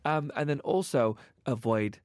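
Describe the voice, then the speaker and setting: A man's voice: mid-range voice, expressive, unhurried, a little mellow, dry recording, studio quality. A man giving a radio interview as a fashion guest, talking emphatically with many fillers. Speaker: guest, fashion expert and author. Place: radio studio. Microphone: studio microphone.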